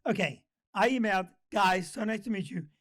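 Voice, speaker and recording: A man's voice: high-pitched, fairly quick, a bit bright. An older man co-hosting a casual talk show, telling stories in a blunt, joking way. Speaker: co-host. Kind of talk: casual chat.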